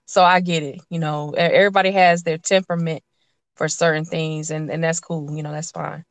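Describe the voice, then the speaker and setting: A woman with a lowish voice speaks as a guest on an online talk show. She tells stories with animation and slips into the voices of people she quotes. Her sound is dry and close. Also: fairly quick, no echo. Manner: animated storyteller, acts out quotes. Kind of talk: casual interview chat.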